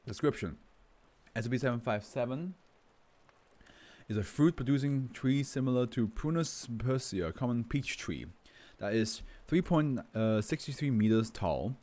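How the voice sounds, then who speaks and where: A man's voice: mid-range voice, expressive, a little slow, a little mellow. A man talking in a loose, rambling way, full of fillers and laughs, then reading a document aloud as a streamer. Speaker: host reading to a live stream. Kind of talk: casual chat and reading aloud.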